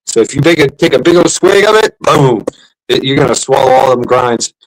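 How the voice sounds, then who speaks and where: A man's voice: mid-range voice, animated, brisk, dry recording, poor audio. Rambling, jokey man on a live stream. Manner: rambling, jokey, crude humor. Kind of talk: casual chat.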